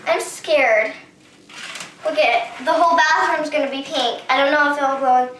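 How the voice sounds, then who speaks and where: A woman hosting a slime-making vlog at home, talking excitedly and often squealing and shrieking. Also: sits high, normal speed, echoey room, a little hiss or hum. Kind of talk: excited hands-on vlog narration. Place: home bathroom and table.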